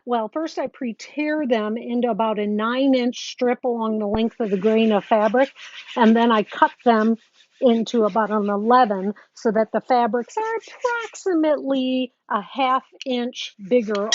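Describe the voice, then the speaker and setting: A woman teaching quilting in a live demonstration, chatting casually as she works and greeting viewers. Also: a little high. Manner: chatty, talks while working, greets viewers. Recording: dull lo-fi sound with faint noise.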